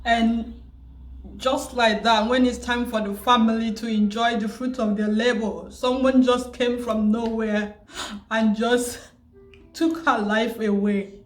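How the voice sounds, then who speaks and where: Grieving woman, tearful, very slow speech, echoey room. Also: on the high side, level tone, faint music behind. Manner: grieving, repetitive, pausing often. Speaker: vlogger. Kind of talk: emotional personal vlog.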